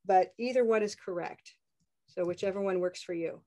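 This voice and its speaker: A woman with a North American accent teaching English pronunciation in a live online lesson, upbeat and stretching out example words slowly. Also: lowish voice, mellow. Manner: upbeat, drawn-out modeling of sounds.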